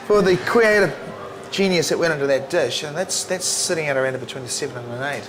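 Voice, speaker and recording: A man's voice: a little high, fast, noisy background. A man, a chef host tasting and scoring dishes with an upbeat, jokey manner. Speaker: chef judge and show host. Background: music.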